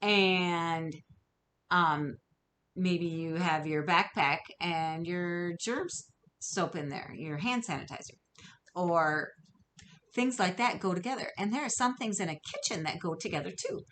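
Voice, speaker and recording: Speaking unhurriedly in a lowish, slightly bright voice, a woman teaches young children phonics in a recorded remote kindergarten lesson. She's patient and encouraging as she draws out each sound, and a little hiss or hum can be heard.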